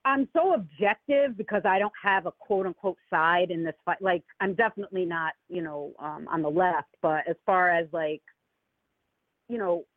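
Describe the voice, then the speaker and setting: An animated woman talking politics on a call-in line, her pitch leaping up whenever she mocks someone. The sound is tinny and phone-like, and dry, with no room around it. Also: normal speed, no echo. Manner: animated, swoops high when mocking others. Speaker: caller. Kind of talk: casual political chat.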